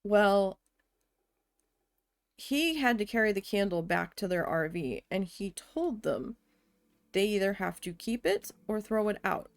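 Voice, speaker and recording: A woman streaming a building game, telling a story in a casual, venting way with a lot of swearing, and muttering quietly to herself while she builds. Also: mid-range voice, big pitch swings, unhurried, long pauses, no room sound. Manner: chatty venting with frequent swearing.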